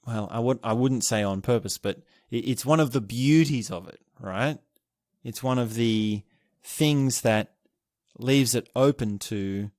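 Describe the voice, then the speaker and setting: A man hosting a podcast alone, musing and thinking aloud, restarting his sentences and chuckling softly as he reflects. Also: medium pitch, no room sound, clean studio sound. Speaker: podcast host. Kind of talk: reflective solo podcast talk.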